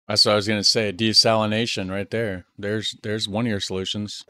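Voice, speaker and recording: American male host, casual reaction talk, fairly low voice, dry recording, stumbles and repeats words. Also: level tone, a little fast, bright, forceful tone, no echo. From United States. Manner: chatty, repeats words when thinking aloud.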